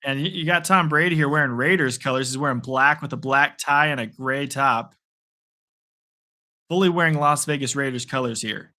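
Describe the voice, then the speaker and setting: Bright-voiced man calling a game live. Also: medium pitch, moderate pace. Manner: playful, rambling, jokey. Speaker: sports stream host. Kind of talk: live play-by-play reaction commentary.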